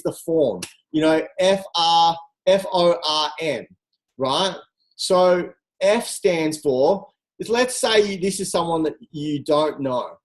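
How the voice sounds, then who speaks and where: A coach giving an energetic, direct motivational talk on a group call, full of rhetorical questions. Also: mid-range voice, poor audio. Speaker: team coach.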